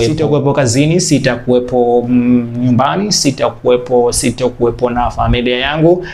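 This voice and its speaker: Gravelly man teaching English. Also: mid-range voice, a little mellow. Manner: repeats example sentences slowly, then translates quickly. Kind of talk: bilingual language lesson.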